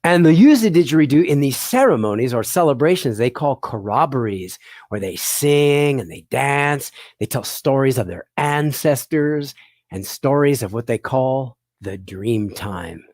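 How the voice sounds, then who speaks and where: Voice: medium pitch, animated, measured pace, a little mellow, no echo. A performer presenting an educational show for children, playful and encouraging, often laughing and asking the audience questions. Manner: addresses the audience directly with questions.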